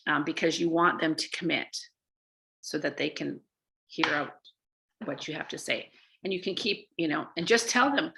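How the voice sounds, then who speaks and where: Chatty woman with a gravelly, bright voice. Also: low voice. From Canada. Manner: chatty, many fillers and restarts. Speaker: sales trainer. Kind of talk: casual training talk.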